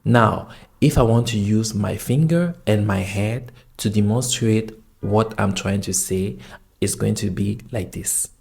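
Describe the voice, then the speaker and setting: Slow, gravelly-voiced man teaching tones. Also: on the low side, darkish tone. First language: not Chinese; learned Chinese as a foreign language. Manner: slow, demonstrative, drawing out tone examples. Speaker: language learning vlogger. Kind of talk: instructional video lesson.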